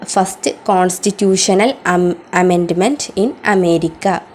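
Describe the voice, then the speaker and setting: A woman's voice: on the low side, unhurried, darkish tone, slight background noise, poor audio. A woman reading out exam questions, repeating each one before giving the answer. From India. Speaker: student tutor.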